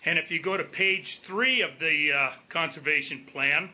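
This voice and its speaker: A man from Montana giving a measured public comment for a wool growers group into a public meeting, pausing often on fillers. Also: on the high side, sharp tone. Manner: measured, deliberate, with frequent filler pauses. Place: remote line into a public meeting.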